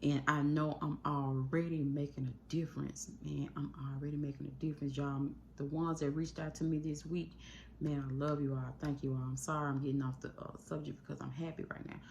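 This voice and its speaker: A woman's voice: low-pitched, flat delivery, fairly quick, creaky, slight background noise. A woman talking earnestly into her phone at home about coping with grief, rambling and shifting her pace often. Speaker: YouTube channel host. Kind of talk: emotional talk to camera about grief. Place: at home indoors. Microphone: phone mic.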